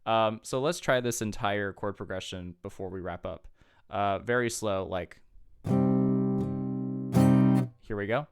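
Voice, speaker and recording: A man's voice: fairly low pitch, normal speed. A man giving a casual guitar tutorial, patiently walking through chords and counting beats aloud. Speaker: guitar teacher. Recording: loud guitar music underneath. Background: guitar playing.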